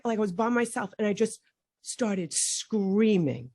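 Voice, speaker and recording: A woman's voice: mid-range voice, measured pace, mellow, no echo, studio quality. A middle-aged woman hosting a podcast, telling an emotional story that rambles and breaks off mid-sentence, her voice climbing when she relives moments of panic. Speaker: podcast host.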